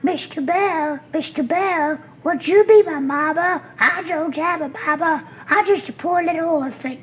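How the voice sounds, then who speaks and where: An older man in his seventies voicing a tiny, pleading orphan cartoon duck in a very high, squeaky voice. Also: unhurried, a bit bright. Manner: pleading, squeaky, sing-song.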